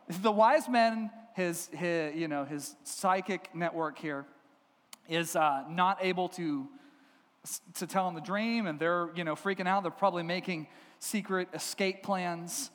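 A man, a pastor, preaching a sermon with lively, humorous storytelling in a church. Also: a little high, normal speed. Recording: long hall reverb.

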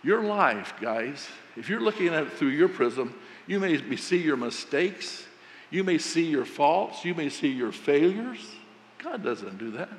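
A man preaching a sermon, telling a folksy story about coaching and quoting himself with animated emphasis. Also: on the high side, a little slow, long reverb tail, slight background noise.

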